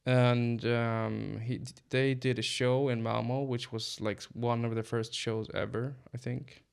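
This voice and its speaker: Swedish man, gravelly and smooth. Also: mid-range voice, unhurried. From Sweden. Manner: relaxed, thinks aloud with many ums and restarts. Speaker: podcast co-host. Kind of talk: casual chat.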